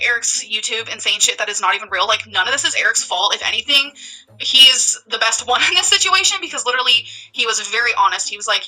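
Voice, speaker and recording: A woman's voice: on the high side, sharp tone, low-quality recording. A woman telling a story on her vlog, emphatic and heated, with many fillers like "like" and "um". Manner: emphatic, heated rant full of "like" and "um". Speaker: vlogger.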